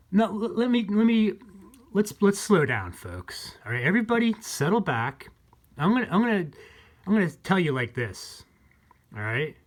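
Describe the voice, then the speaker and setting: Man, own channel host; slow, halting, repetitive monologue, pitch swinging widely. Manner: repetitive, halting, addresses viewers as folks. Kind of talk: rambling monologue to viewers.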